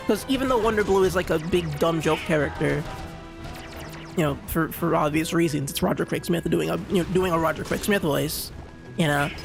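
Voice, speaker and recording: A young man talks through a game in loose, rambling commentary, full of restarts and fillers. His voice sits fairly high, with a gravelly edge. Game music plays clearly beneath him. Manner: rambling, restarts, lots of "like" and "you know". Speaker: streamer. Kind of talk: casual gameplay commentary.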